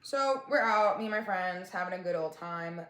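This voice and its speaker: Pitched on the low side but a bit bright, a woman vlogger in her twenties talks expressively at normal speed. She's mid-meal, ranting through a storytime in a chatty way, dropping "like" and "whatever" again and again. The recording has a roomy sound.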